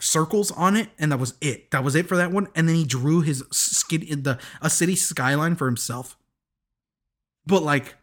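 A young man hosting a podcast, rambling through a casual recap with lots of chuckles, restarts and asides. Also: on the high side. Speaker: podcast host.

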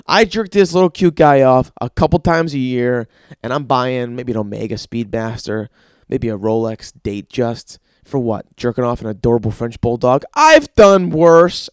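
A man's voice: medium pitch, no room sound, studio quality. A young man hosting his own podcast, ranting alone in a crude, rambling way with lots of fillers. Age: young adult. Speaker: podcast host. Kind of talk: crude solo podcast rant.

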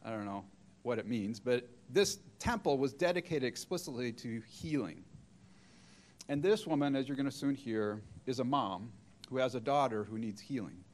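A man's voice: medium pitch, lively intonation, moderate pace, darkish tone. A middle-aged man preaching a sermon, retelling a story and acting out the quoted voices.

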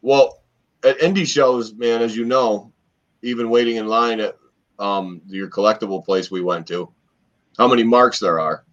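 A man and former wrestler, co-hosting a podcast, telling long stories in a rambling, animated way with lots of fillers. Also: lowish voice, moderate pace. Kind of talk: casual storytelling chat. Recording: dull lo-fi podcast audio.

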